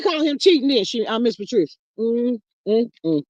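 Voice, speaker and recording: Chatty livestream host, gossipy and rambling, mid-pitched voice, close and dry recording. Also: very animated, a little mellow, no room sound, highs cut off. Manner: gossipy and chatty, full of fillers and drawn-out asides. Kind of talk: casual livestream chat, reading viewer comments. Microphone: streaming mic close up.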